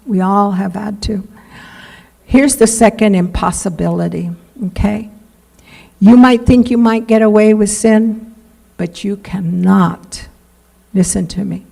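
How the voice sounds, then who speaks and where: A woman's voice: medium pitch, gravelly, mellow, low-quality recording. A woman preaching a sermon in a church, earnest and pleading, leaning hard on key words. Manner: earnest, pleading, drawn-out emphasis. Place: church sanctuary.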